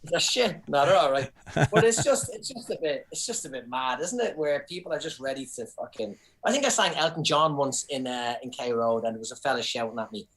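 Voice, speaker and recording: A middle-aged Irish comedian telling stories in casual chat, animated and sweary, restarting his sentences often. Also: mid-range voice, brisk, poor audio. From Ireland. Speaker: comedian guest.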